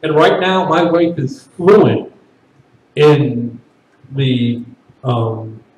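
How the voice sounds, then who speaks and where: A man performing stand-up comedy at a party, with loud, animated shouted bits. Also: mid-range voice, extremely slow, reverberant, recorded from a distance, rough recording.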